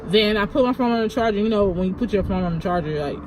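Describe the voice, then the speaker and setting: A woman's voice: mid-range voice, fast talker, noisy background. A woman vlogger retelling a personal story in a casual, rambling way, full of "like" and "you know.".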